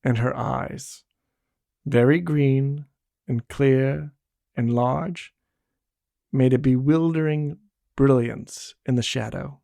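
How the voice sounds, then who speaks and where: A man narrating a short story aloud in a measured, expressive way. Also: medium pitch, vocal fry, no echo, clean studio sound. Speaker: reader. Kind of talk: audiobook narration.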